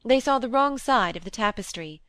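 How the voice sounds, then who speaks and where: Lady narrating a classic book, even and calm, dead dry sound. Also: a little high, normal speed, dry recording. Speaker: audiobook reader. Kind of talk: scripted narration.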